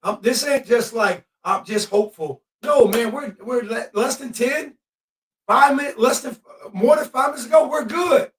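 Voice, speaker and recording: Excitable high-voiced man calling a game. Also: moderate pace. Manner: excitable, shouts at the refs and players. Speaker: podcast host. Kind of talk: live game-watching commentary. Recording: echoey room, mic at a distance.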